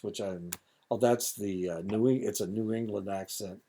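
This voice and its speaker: A man's voice: sits low, steady tone, moderate pace, mellow, breathy edge. A man in his seventies with an Indiana accent, giving a recorded lecture in a rambling, digressive way with many fillers and asides. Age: 70s.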